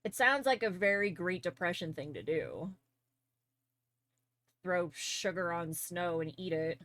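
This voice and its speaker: A young Canadian woman with a lowish, fairly bright voice chats casually while drawing on her livestream. She speaks at a measured pace, rambles, leans heavily on fillers, and laughs easily, with no room sound in the recording.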